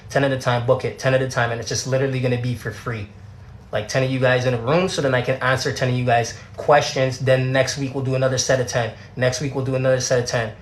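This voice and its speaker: A man's voice: mid-range voice, slight background noise. Chatty Canadian guy in an echoey room. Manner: chatty, laid-back, repeats words, slangy. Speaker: hair tutorial livestreamer. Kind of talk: casual livestream chat.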